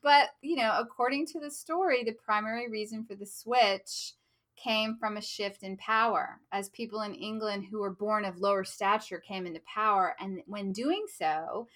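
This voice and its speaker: Bright, bubbly American woman co-host. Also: mid-range voice. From United States. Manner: bubbly, laughs often. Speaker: podcast co-host. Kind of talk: casual podcast chat.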